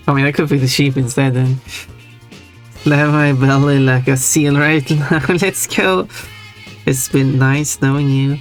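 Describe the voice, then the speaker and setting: A woman's voice: very deep voice, slow, pauses often. A woman streaming a game, chatting casually and laughing now and then as she browses options. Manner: relaxed, chatty, laughs often. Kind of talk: casual gameplay commentary. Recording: game music playing behind.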